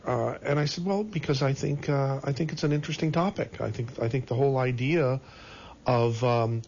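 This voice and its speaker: Gravelly talk radio host. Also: male voice, on the high side, expressive, darkish tone, muffled recording. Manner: halting, interjecting.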